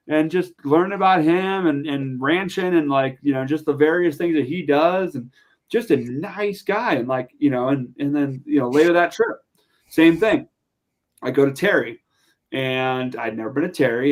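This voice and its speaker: A young adult man from Montana, a podcast guest telling a story in a casual, animated way, full of fillers. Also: on the high side. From Montana, USA. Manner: animated, chatty, lots of fillers.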